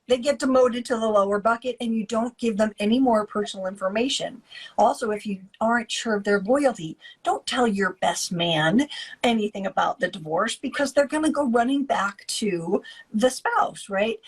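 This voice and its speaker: Husky woman explaining with animation. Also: fairly high pitch, moderate pace, poor audio. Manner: animated, acts out quoted voices. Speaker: guest expert on narcissistic abuse, author. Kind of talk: podcast interview.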